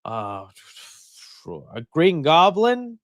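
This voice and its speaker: A man hosting a live stream, reading out viewer comments and answering them in an animated, chatty way, thinking out loud. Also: high-pitched, extremely slow, no echo, dull audio. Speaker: host.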